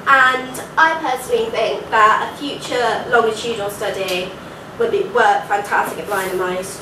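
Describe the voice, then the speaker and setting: A woman's voice: medium pitch, noisy background. Nasal young woman presenting in a hall. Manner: earnest, informal fillers like "like" and "so". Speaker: student presenter. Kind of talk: academic conference presentation. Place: university lecture hall. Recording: echoey hall recording from far off.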